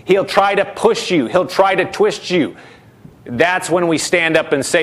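Earnest fairly high-voiced male preacher. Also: animated, unhurried, fairly bright tone. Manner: earnest, repeats words for emphasis, drops low for quoted doubts. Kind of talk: sermon.

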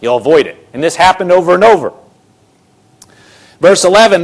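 A man preaching a sermon, retelling a scripture story in casual, animated voices. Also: on the high side, moderate pace, pauses often.

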